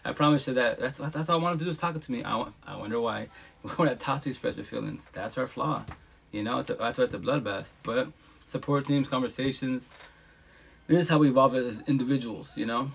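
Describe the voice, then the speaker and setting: A man's voice: medium pitch, brisk, creaky, fairly bright tone, husky. A man hosting a live podcast stream, talking bluntly and profanely in a casual monologue, with emphatic asides. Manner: blunt, profane, emphatic talk with frequent laughs.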